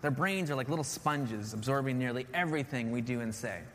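A man in his thirties preaches with earnest conviction, circling back to his key lines and checking in with "right?" His mid-pitched voice carries a long reverb through a church hall. Faint background noise sits under it. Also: brisk, a bit bright. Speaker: pastor. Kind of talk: sermon.

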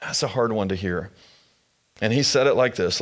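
A man's voice: on the low side, normal speed, long pauses. A man preaching a sermon as pastor, retelling scripture in casual, conversational storytelling.

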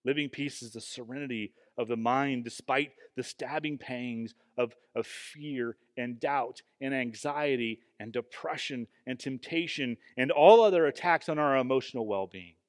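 A man's voice: medium pitch, moderate pace, hardly any pauses. Male pastor, earnest emphatic sermon, fillers and restarts, long reverb of a church hall.

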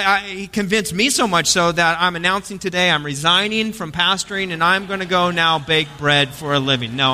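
A male pastor with a high, strikingly bright voice, preaching in a church sanctuary. He talks in a casual storytelling way and slips in jokes. His voice carries a long reverb through the hall. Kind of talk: sermon.

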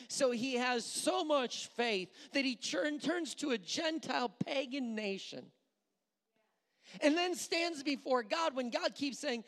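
A pastor tells a story during his sermon in a high voice at a measured pace, acting out the quotes with animated delivery and often repeating words as he thinks aloud. The recording carries a long hall reverb.

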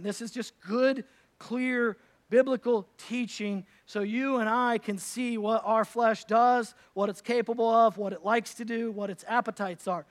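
Male pastor, high voice, emphatic preaching from loud to hushed at a church service. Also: fairly even intonation, unhurried. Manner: emphatic and conversational, swinging from loud to soft. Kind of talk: sermon.

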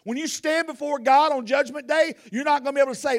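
A man with a high voice preaching a sermon outdoors in the wind. His delivery is folksy and animated, and he uses casual everyday grammar. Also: normal speed, hardly any pauses.

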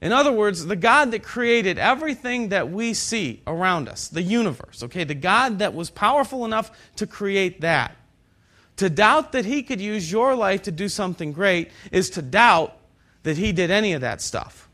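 Nasal, high-voiced preacher man. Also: animated, sharp tone. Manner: slows down for scripture and key points. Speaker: pastor. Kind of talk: sermon. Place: cinema used as a church.

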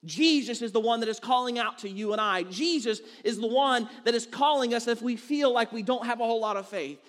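A man with a strikingly high voice delivers a sermon from a church sanctuary, earnest and conversational as he repeats his points for emphasis. His words ring out with a long reverb trailing through the room. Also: a little fast, a bit bright. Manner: earnest, conversational preaching with repetition. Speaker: pastor.

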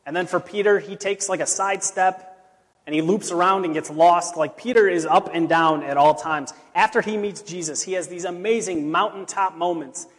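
A man, a pastor, preaching a sermon in a relaxed storytelling way with casual asides. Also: high-pitched, moderate pace. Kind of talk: conversational sermon. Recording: long reverb of a large hall.

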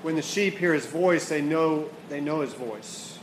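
A man's voice: on the high side, unhurried, background noise. A man preaching a sermon with earnest build-up, often repeating words as he rises toward questions and falls back. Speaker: pastor. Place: church hall. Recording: echoey hall, faint ambience.

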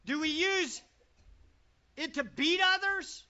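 A pastor preaching a sermon to a congregation, full of rhetorical questions and swinging between loud and quiet. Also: very high-pitched, takes it slowly. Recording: dull lo-fi recording.

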